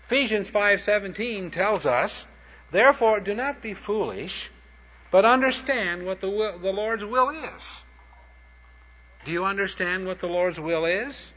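A man's voice: high-pitched, animated, measured pace, sharp tone. A man preaching a sermon, telling short anecdotes in a plain-spoken, punchy way. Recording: dull lo-fi recording.

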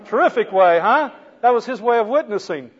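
A man preaching a sermon as a story, animated, moving from soft to loud. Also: very high voice, a little fast, breathy edge, muffled recording.

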